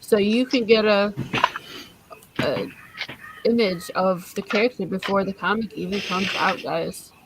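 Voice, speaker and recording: Woman, co-host, matter-of-fact item pitches, mid-pitched, noisy stream. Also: a little slow, long pauses. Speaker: co-host presenting auction items. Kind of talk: casual chat.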